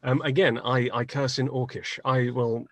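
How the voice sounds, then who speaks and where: A man plays his turn in a tabletop game, cracking jokes and riffing on his character. His voice is mid-pitched and plain, with a playful lilt. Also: little pitch movement, moderate pace. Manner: jokey, playful. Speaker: player. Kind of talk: casual tabletop play.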